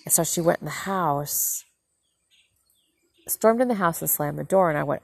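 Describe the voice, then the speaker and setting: A woman from the northern United States, a mother who hosts a podcast, rambles through a casual story and corrects herself as she animatedly retells it. Her low voice is creaky with a breathy edge, at normal speed and with no echo.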